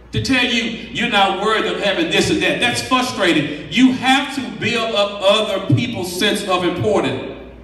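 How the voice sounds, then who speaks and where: A man's voice: sits high, pushed and bright. A man giving an emphatic, preachy motivational talk to a workshop audience, counting off numbered points. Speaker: workshop speaker. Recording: echoey hall from far off.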